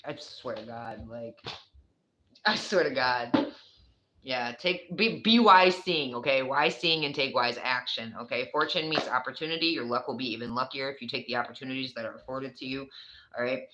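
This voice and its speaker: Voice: mid-range voice, brisk, muffled recording, background noise. A speaker with a New York accent giving a casual, rambling tarot reading, chatty and swearing freely. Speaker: tarot reader.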